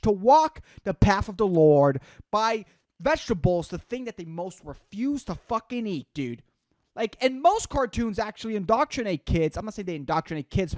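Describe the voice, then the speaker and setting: A man's voice: sits high, dry recording. A man hosting a solo podcast, ranting profanely and calling the listener "dude" throughout. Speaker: podcast host. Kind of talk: solo comedic rant.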